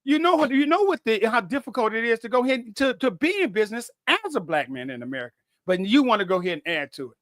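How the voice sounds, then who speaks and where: Talking fast with hardly a pause, a man with a very high voice chats bluntly, stammering and repeating himself as he swears frequently. It's an animated, casual exchange captured in a dry, studio-quality recording.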